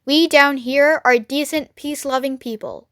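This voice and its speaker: Woman playing a clever storybook fox, calm, assured, bright dry voice. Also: sits high, normal speed, dry recording. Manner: calm and assured, softly menacing at times. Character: clever, smooth adult male fox, confident leader.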